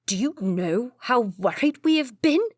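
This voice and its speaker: A woman voicing Edward, a young nobleman who loses his temper and yells at his brother. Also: lowish voice, animated, moderate pace, no room sound, studio quality, natural voice. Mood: angry. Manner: yelling, scolding.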